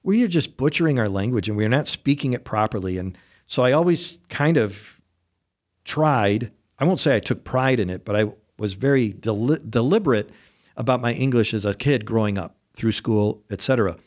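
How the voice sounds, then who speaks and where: A man's voice: medium pitch, expressive, normal speed. A man in his sixties from western New York hosting a radio talk show, rambling and chatty with frequent laughs. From western New York State. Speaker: radio host. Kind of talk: casual on-air talk.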